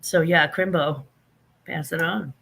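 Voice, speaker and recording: A man's voice: on the high side, vocal fry, slight background noise. A man hosting a casual livestream, chatting animatedly with viewers and reading out their comments. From Saint Louis. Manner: animated, chatty, drawn-out emphatic phrases. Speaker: livestream host.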